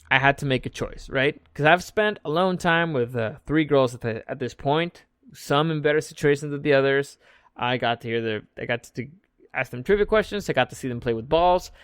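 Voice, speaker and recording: A man's voice: medium pitch, fairly bright tone, clear, resonant tone, no echo, studio quality. A young man casually recapping an event in a loose, joking way, swearing freely as he tells the story. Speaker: vlog host recapping an event.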